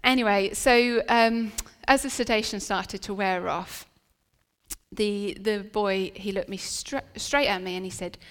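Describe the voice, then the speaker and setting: A woman delivers a sermon in an earnest, conversational way, often restarting her sentences as she shares a story. Her voice sits at a mid pitch. The recording carries the long, ringing reverb of a church hall. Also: fairly even intonation, a little slow, fairly bright tone. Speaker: preacher. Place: church venue.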